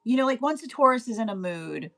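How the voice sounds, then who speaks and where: A woman's voice: fairly high pitch, animated, fast talker, a bit bright. A young woman talks through a tarot reading in a loose, chatty way. She keeps asking "right?" and breaks into laughter again and again. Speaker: tarot reader. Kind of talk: casual tarot reading monologue.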